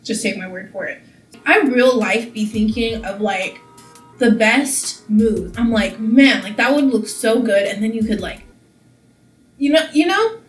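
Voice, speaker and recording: A woman's voice: medium pitch, unhurried, distant mic, soft background music. Young woman, from California, rambling vlog chat, echoey room, voice a little off-mic. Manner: rambling, chatty, lots of "like". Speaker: beauty vlogger. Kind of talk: casual chat while doing makeup.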